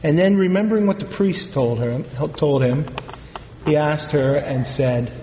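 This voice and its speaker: A man, a priest, telling a story in a sermon, in an unhurried, halting way with pauses and fillers. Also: on the high side, mellow, slight background noise. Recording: echoey hall, dull lo-fi sound.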